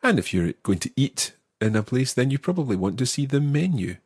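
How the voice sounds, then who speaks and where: Patient husky male language teacher. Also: medium pitch, big pitch swings, a little mellow, dry recording, clean studio sound. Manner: patient, explanatory, slows down to model words. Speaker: language teacher, podcast host. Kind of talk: audio language lesson.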